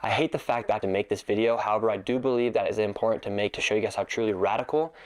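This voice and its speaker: A man's voice: fairly low pitch, fairly even intonation, racing. A man narrating his own video in an earnest, indignant tone. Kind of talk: scripted narration.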